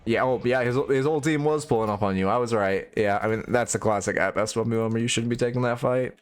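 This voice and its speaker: A man's voice: medium pitch, quick pace, smooth. A man giving casual live-stream coaching commentary on a video game, blunt and opinionated, swearing freely.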